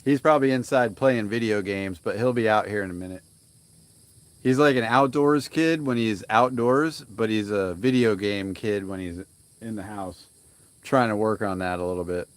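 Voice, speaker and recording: A young man with a lowish voice talks through his cooking outdoors. He rambles in a relaxed way and greets his stream's viewers by name. Insects chirp in the background. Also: normal speed. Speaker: livestream cooking host. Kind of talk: casual live-stream chat while grilling. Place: outdoors by a grill and smoker.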